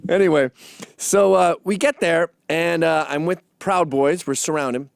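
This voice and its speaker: A man's voice: on the high side, unhurried, creaky, smooth, no echo, studio quality. A middle-aged man, a commentator, telling a story in a sarcastic, comedic monologue and acting out quotes in mock voices.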